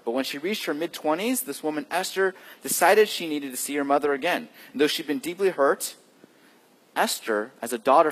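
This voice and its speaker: A man delivering a sermon at a medium pitch, his voice trailing in a long hall reverb. He shifts from forceful emphasis to soft, slowed phrases and keeps asking his listeners questions. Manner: swings between loud emphasis and hushed, drawn-out phrases; conversational, asks the listeners questions. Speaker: pastor.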